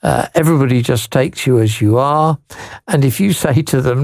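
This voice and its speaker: A man hosting Christian radio, gently reading a listener's letter, encouraging her with tag questions, and praying. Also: mid-range voice, moderate pace, creaky, no room sound, clean studio sound.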